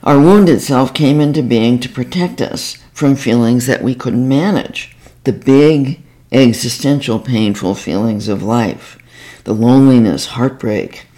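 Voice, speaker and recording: Slow, calm woman podcast host. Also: extremely low pitch. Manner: calm, reflective, measured. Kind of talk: podcast monologue.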